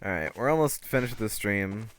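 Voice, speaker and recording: A man's voice: fairly low pitch, expressive, moderate pace, fairly bright tone, a little hiss or hum. A young man streaming a game, casual and self-mocking, laughing often and swearing. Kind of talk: casual gameplay commentary.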